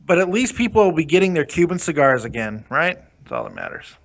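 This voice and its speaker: A man's voice: a little high, wildly swooping pitch, fast talker, vocal fry. A man co-hosting a live stream in casual chat, trading sarcastic, joking banter. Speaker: co-host.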